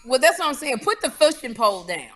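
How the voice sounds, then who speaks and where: A woman's voice: high-pitched, big pitch swings, fast, a crowd in the background. A woman co-hosting a comedic casual chat, teasing and drawing out playful exaggerated pronunciations. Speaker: co-host.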